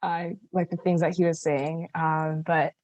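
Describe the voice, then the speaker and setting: A woman's voice: low-pitched, flat delivery, measured pace, a little mellow, no echo, dull audio. Hesitant young woman, dry sound. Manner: hesitant, filler-heavy talk. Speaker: student founder. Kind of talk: casual chat.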